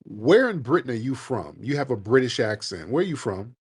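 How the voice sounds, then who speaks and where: Brief: man, call-in show host, blunt, combative, profane, mid pitch. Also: sing-song, brisk, husky. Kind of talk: heated live call-in debate.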